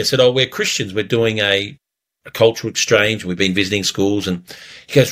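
A man preaching as a pastor, telling a story earnestly before communion, lively when he retells it. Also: on the low side, brisk.

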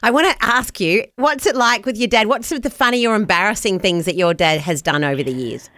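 A woman's voice: medium pitch, fairly quick, fairly bright tone. A woman hosting a Christian radio breakfast show, gushing and effusive, laughing easily as she chats. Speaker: radio host.

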